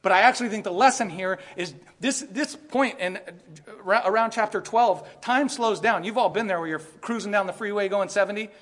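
High-voiced preacher in a reverberant hall. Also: male voice, fairly quick. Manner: earnest, rising to emphatic peaks then dropping to quiet asides. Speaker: pastor. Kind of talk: sermon.

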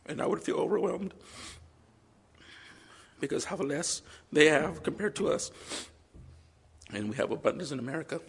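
A male pastor preaching a sermon earnestly and with emotion, reading scripture aloud slowly. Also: a little high, expressive, gravelly, husky. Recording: long hall reverb.

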